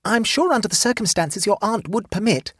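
A man's voice: sits high, lively intonation, a little fast, fairly bright tone, husky, no room sound, studio quality, voice pushed up, heavily acted. A man voicing a prim, flustered middle-aged lady in a storybook reading, talking stiffly and with growing exasperation. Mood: exasperated. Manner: reluctant, stiff, increasingly exasperated.

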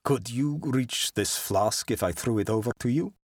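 A man's voice: mid-range voice, moderate pace, breathy edge, no echo, clean studio sound, natural voice. A man voicing a proud, fierce landowner who answers his enemy in a stern, clipped way.

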